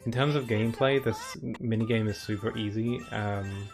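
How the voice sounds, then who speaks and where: A man's voice: lowish voice, steady tone, moderate pace. Chatty man streaming a video game. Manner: chatty and rambling, laughs often, many "like" fillers. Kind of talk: casual let's-play commentary. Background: faint game music.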